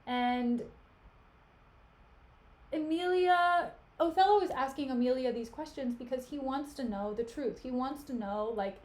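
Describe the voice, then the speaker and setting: A chatty woman streamer talks into a desk mic. Her voice is fairly high, and her delivery is slangy and loose, with plenty of fillers and asides. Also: unhurried, darkish tone. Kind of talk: casual retelling of a play.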